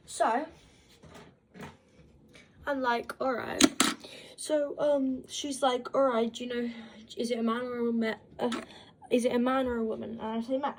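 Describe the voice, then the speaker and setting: Woman, slightly high voice, casual storytelling, filler-heavy, animated quoted dialogue, faint room hum. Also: normal speed. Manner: rambling, filler-heavy with lots of "like". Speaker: storytime vlogger.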